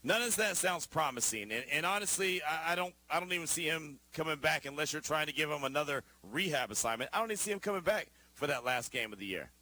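A man's voice: on the high side, animated, fast talker, few pauses, sharp tone. A man hosting a sports talk radio show, talking emphatically and conversationally, often tossing in rhetorical questions.

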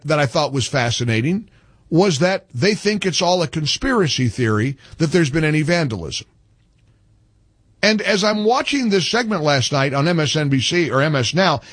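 A man hosting a political commentary show, delivering an opinionated monologue in a sarcastic, indignant manner with animated emphasis. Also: a little high, dry recording.

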